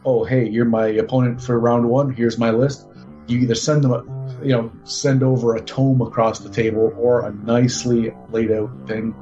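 Halting wry man, dull mic. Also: mid-range voice, level tone, dark tone, faint music behind. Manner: halting, full of fillers, wry jokes. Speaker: podcast co-host. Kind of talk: casual hobby chat.

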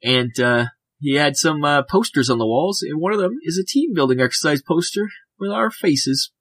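A man's voice: fairly high pitch, expressive, normal speed, a bit bright, dry recording. A man co-hosting a podcast, chatting casually about the hobby with a rambling, jokey manner. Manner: rambling, filler-heavy, jokey. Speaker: podcast co-host.

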